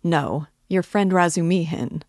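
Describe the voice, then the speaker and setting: A woman voicing a cheerful, slightly tipsy young male clerk, chatty and easily surprised, raising her voice higher. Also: a little slow, darkish tone, dry recording, clean studio sound.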